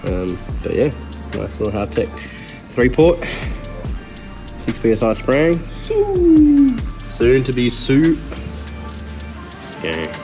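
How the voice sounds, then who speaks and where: A man hosting a casual workshop car vlog, excited and joking as he rattles off parts in quick bursts. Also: mid-range voice. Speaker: car builder and channel host. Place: home garage workshop. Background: music.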